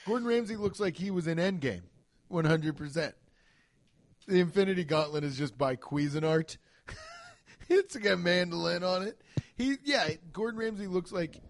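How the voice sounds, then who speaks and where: A man chatting casually in a comedy podcast, telling stories with lots of swearing and quick comic impressions. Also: fairly high pitch. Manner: animated storytelling, swears freely, jumps into impressions.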